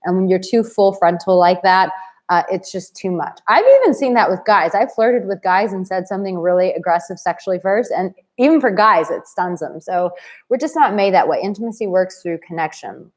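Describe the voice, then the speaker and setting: A woman dating coach in her thirties talking casually to camera, blunt and animated, acting out the people in her stories. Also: medium pitch, moderate pace. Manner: animated and blunt, acts out quoted voices.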